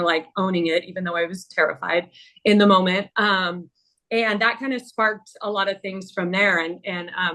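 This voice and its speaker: This is a candid personal account from a woman in her thirties serving as a webinar panelist, delivered haltingly with lots of filler words. She has a medium pitch and a fairly bright tone.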